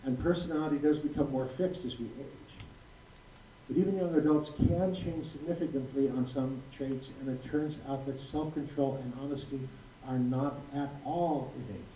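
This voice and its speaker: A physician in his sixties gives a prepared talk to a live audience in a school hall, speaking emphatically and repeating key phrases for weight. His mid-range voice is steady and warm at a normal speed, picked up by a distant mic in a roomy space with faint noise.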